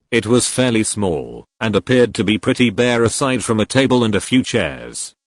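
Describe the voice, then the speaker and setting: A man narrating a fan-fiction story in a steady, even reading voice. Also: on the low side, dry recording. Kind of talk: audiobook-style story narration.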